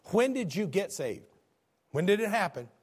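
A man preaching a sermon, swinging from booming shouts to low hushed tones. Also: sing-song, moderate pace, breathy edge.

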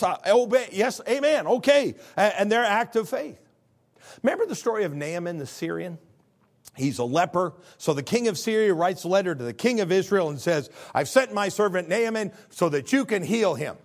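Animated preacher man, lively pitch. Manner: animated, acts out the people in the stories. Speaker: pastor. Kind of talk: sermon.

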